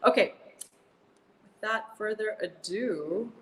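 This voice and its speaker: A bubbly woman singer chats casually on a call, laughing often and restarting her phrases. Her voice is bright and forceful, and it rings around an echoey room with a long tail and faint ambience behind. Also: mid-range voice, moderate pace, slight background noise. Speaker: singer, guest. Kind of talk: casual video-call chat.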